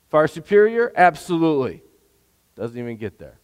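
A fairly high-voiced man preaches in a casual, animated way, often tossing a "right?" to his listeners. His voice rings with a long reverb from a large hall. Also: measured pace. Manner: animated, conversational, asks the hearers "right?". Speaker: pastor. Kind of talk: sermon.

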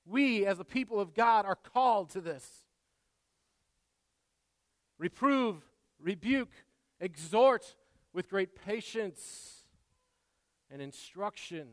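Man, pastor, sermon, high smooth voice, earnest, repeats himself, long hall reverb. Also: lively intonation, slow, pauses often. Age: adult father. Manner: earnest, repeats words, swings between soft asides and loud emphasis.

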